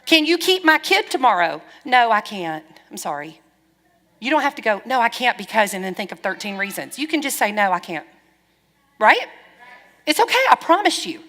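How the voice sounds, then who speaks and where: Bright-voiced woman pastor preaching. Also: on the high side, moderate pace. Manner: lively, frank, wry storytelling with quoted dialogue. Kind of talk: sermon. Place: church hall. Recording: long church-hall reverb.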